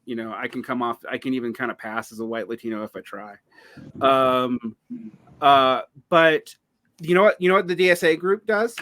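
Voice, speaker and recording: A man's voice: medium pitch, normal speed, bright, forceful tone, no echo. A man from the Southern United States in a casual political discussion, telling stories with wry asides. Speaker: podcast guest or host.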